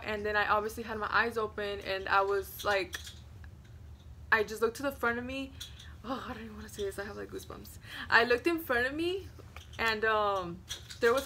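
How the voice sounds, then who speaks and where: A woman in her twenties, a vlogger telling a story to camera in a rambling, casual way, full of "like" fillers, hushing at the scary parts. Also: a little high, slight background noise.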